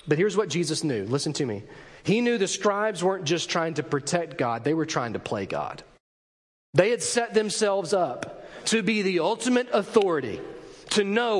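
High-voiced male preacher in a reverberant hall. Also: sing-song, normal speed. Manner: dramatic shifts, acting out voices of the crowd. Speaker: pastor. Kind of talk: sermon.

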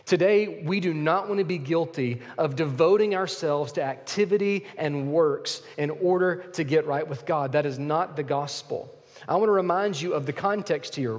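A man preaching a sermon as pastor, emphatic and repeating his key phrases for the congregation. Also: on the high side. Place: church sanctuary. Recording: long hall reverb.

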